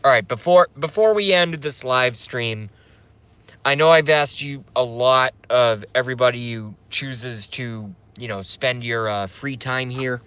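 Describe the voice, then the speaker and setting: A man's voice: medium pitch, unhurried, fairly bright tone, clear, resonant tone, no echo. A man hosting a casual livestream, rambling, swearing, and reading out viewer comments. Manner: rambling, profane, emotional; reads chat comments aloud. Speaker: livestream host.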